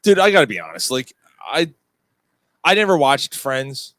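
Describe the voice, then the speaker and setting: A man's voice: mid-range voice, moderate pace, no room sound. A man co-hosting a casual, crude sports pub podcast, telling stories with lots of swearing and acted-out screams. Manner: animated storyteller, swears a lot, acts out screams. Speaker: podcast co-host. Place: bar or pub studio.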